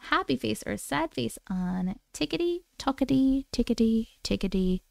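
A woman chats on a casual live stream from home, gushing and affectionate with her viewers. Her voice sits high and carries a gravelly fry. The sound is smooth and very dry, close to the mic. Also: lively intonation, normal speed, darkish tone, dry recording. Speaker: live-stream host reading viewer stories.

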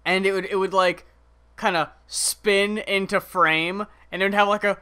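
A man co-hosting a casual chat, recalling things in a relaxed way and swearing now and then. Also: high voice, normal speed, clear, resonant tone. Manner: relaxed, conversational recollection with swearing.

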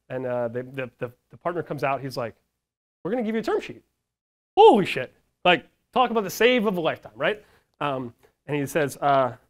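A man giving a casual conference talk to founders, telling a story in a lively way, acting out what others said, with frequent ums and the odd swear word. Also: fairly high pitch. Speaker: founder speaking to startup founders.

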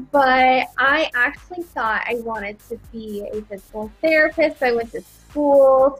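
Young woman, interview guest, a bit high-pitched, slightly husky, casual chat, faint music. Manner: relaxed, chatty, says "like" often. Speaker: makeup artist guest.

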